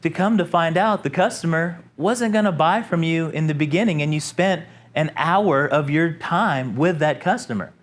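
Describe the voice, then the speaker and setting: A man, a company president, giving an informal sales training talk to a room, animated and asking the audience questions. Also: a little high, normal speed, hardly any pauses. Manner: animated, acts out customers in a raised voice.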